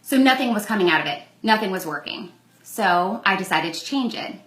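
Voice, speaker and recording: A woman's voice: mid-range voice, expressive, fairly quick, a bit bright, roomy sound, rough recording. A young woman telling a personal story in a candid, conversational vlog, acting out the lines in quoted exchanges. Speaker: vlogger.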